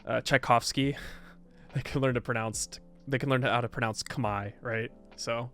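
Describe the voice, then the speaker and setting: A man's voice: mid-range voice, steady tone, normal speed, fairly bright tone, soft background music. A man streaming live, chatting casually and reacting to his chat as he reviews a game patch, rambling and stop-start, sometimes insistent.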